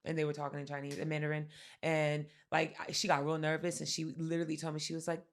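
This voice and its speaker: A woman's voice: deep voice, monotone, fast talker. A young adult woman co-hosting a podcast, telling personal stories candidly with lots of "like" and casual swearing. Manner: candid storytelling, heavy filler "like", swears freely. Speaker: podcast co-host. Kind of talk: casual chat.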